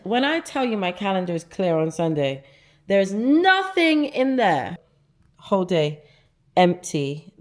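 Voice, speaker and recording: A woman's voice: low-pitched, darkish tone. A young woman vlogging casually from her apartment, chatty and enthusiastic with lots of fillers. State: out of breath. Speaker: lifestyle vlogger. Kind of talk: casual vlog chat. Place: her apartment living room, indoors.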